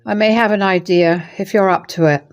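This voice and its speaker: A woman voicing a remorseful middle-aged mother-in-law who speaks gently and apologetically. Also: mid-range voice, fairly even intonation, fairly quick, faint music behind, lightly acted. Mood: worried.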